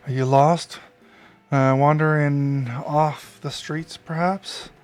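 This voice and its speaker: A man reading out the lines of a chatty school clerk who welcomes a newcomer, slowly, stumbling over hard names. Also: on the high side, steady tone, darkish tone, soft background music. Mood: welcoming.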